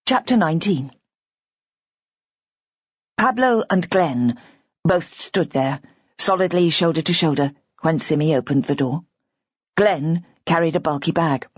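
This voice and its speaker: A woman narrating a mystery audiobook in a measured, even way. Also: low voice, breathy edge, no echo. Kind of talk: scripted narration. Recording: dull, lo-fi audiobook recording.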